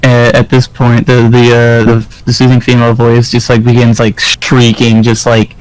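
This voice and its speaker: A man running a tabletop game as game master, narrating in a halting way with many fillers. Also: mid-range voice, completely flat delivery, low-quality recording. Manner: hesitant, filler-heavy improvised narration.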